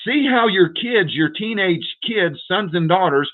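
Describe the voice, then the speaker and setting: Over tinny, phone-like audio, a prepper livestream host speaks a little slowly in a high, animated voice. He addresses viewers directly in an urgent, repetitive rant, repeatedly calling them "folks."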